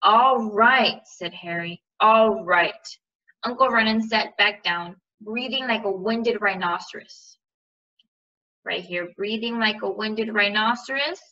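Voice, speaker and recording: A woman's voice: medium pitch, unhurried, pushed and bright, distant mic, muffled recording. A woman teacher reading a novel aloud and explaining its figurative language, checking in with "right?".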